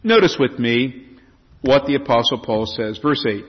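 A man's voice: medium pitch, normal speed. A man preaching a sermon as a pastor, swinging his emphasis up and down as he reads and explains scripture. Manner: preaching with lively rising and falling emphasis. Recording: dull lo-fi sound in a reverberant hall.

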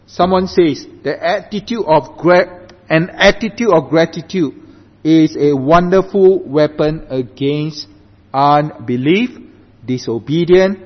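Slow emphatic male pastor, echoing hall. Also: on the high side. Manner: slow and emphatic, often asks "right?". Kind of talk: sermon. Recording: dull recording with long hall reverb.

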